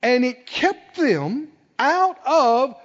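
A man preaching a sermon with emphasis, acting out quoted voices and building to loud peaks. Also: very high voice, big pitch swings, extremely slow. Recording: dull, reverberant hall sound.

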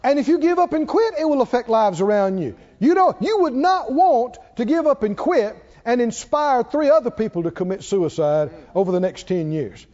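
A male preacher with a strikingly high voice delivers an impassioned sermon, rising to forceful peaks and falling back to quiet passages. The recording is dull and lo-fi. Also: sing-song, moderate pace, hardly any pauses. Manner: impassioned, rising to loud peaks and dropping low. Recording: dull lo-fi sound.

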